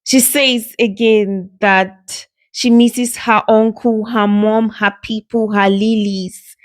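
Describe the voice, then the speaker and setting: Slow-talking woman recapping reality TV. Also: on the high side. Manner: slow, loose storytelling with fillers. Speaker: reality show recap narrator. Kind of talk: casual recap narration.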